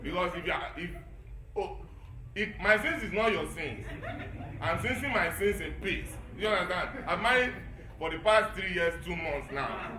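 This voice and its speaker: High-voiced Nigerian man doing stand-up. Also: moderate pace, reverberant, a little hiss or hum. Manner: animated, acts out voices with Yoruba phrases. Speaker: stand-up comedian. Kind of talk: stand-up storytelling. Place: event hall before a live audience.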